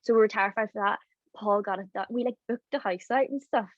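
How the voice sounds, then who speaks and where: A woman's voice: medium pitch, fast talker, no echo. A chatty young woman, talking loosely and full of "like". The sound is dull and muffled. The room is dead dry. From Ireland. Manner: chatty, laughs often, lots of "like". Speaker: guest, drama student. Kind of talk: casual interview chat.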